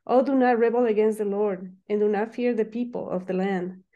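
A woman taking part in a Bible study over a video call, reading scripture aloud in a steady, plain way. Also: medium pitch, brisk, lo-fi sound.

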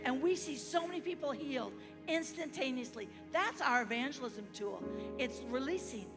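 A high-pitched American woman preaching to a congregation in a church hall with a long echo. She is animated and leads call-and-response. Music plays behind her. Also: moderate pace. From United States. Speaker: guest missionary preacher. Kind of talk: sermon.

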